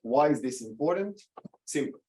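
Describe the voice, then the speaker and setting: A man giving an academic lecture at a conference, pausing with many "um"s, checking in with "okay?", and adding dry asides. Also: mid-range voice, animated, dark tone, rough recording. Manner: lightly sarcastic asides. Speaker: academic speaker.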